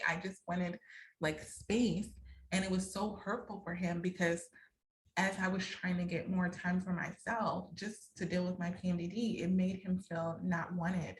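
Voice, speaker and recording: A woman's voice: fairly low pitch, fairly even intonation, normal speed, slight background noise. A woman hosting a podcast, giving relationship advice in a candid, conversational way and acting out the lines she quotes. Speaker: podcast host and relationship coach. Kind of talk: casual advice talk.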